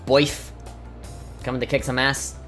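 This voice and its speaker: A woman's voice: extremely low pitch, little pitch movement, unhurried, fairly bright tone. A woman commentating a video game in a crude, sarcastic, jokey way, with game music behind. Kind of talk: let's play commentary.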